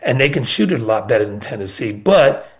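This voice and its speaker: A man's voice: mid-range voice, big pitch swings, a little fast. A middle-aged man, a college basketball coach, telling stories as a guest in a casual radio interview and often repeating words.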